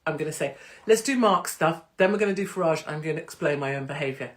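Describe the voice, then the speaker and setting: A woman hosting a casual livestream chat, cheeky and excitable, rambling with asides and joking interruptions as she reads out announcements. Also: sits low, fast. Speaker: host.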